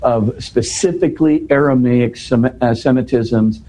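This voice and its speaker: A man talks through a scripture passage for an interviewer, teaching with animated, explanatory energy. His voice sits at a medium pitch with a warm, mellow tone, and a faint noise runs under the recording. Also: measured pace, rough recording.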